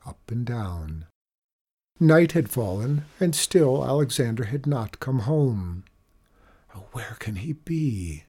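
A man reading a children's storybook aloud in an expressive, measured way. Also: medium pitch.

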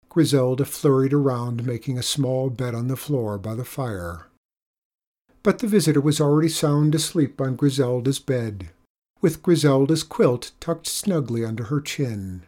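A storyteller reading a folk tale aloud in a measured, expressive way. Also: mid-range voice. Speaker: narrator. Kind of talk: storybook narration.

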